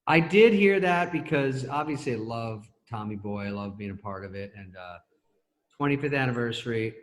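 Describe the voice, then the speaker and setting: A middle-aged man telling stories as a talk show guest over a video call, laughing through them and doing quick impressions of other people. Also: mid-range voice, lively intonation. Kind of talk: casual anecdote telling.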